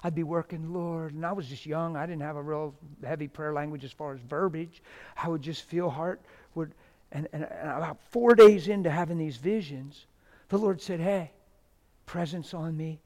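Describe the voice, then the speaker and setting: A middle-aged man preaching a testimony sermon, swinging from loud shouted stretches to hushed, near-whispered ones. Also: a little high, normal speed.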